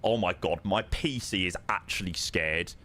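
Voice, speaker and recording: This low-pitched man speaks at a normal speed with a bright, forceful tone. He's a live streamer flying a flight simulator, chatting casually as he answers viewers with lots of ums and friendly "mate"s.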